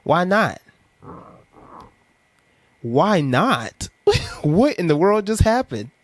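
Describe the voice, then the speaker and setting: A woman's voice: low voice, normal speed, no room sound, natural voice. A man putting on the voice of his nagging middle-aged mother, pushy and teasing.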